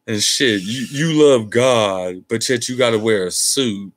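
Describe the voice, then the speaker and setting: A man's voice: mid-range voice, unhurried, hardly any pauses. A tired man talking in a casual, rambling monologue, cursing freely and using street slang. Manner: profane, meandering, street slang. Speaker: host.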